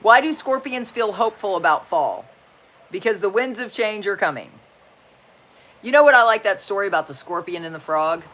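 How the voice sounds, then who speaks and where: In a mid-range, animated, slightly bright voice at a moderate pace, a woman in her sixties chats on a casual livestream. She tells corny jokes in a folksy, upbeat way, often saying "just saying."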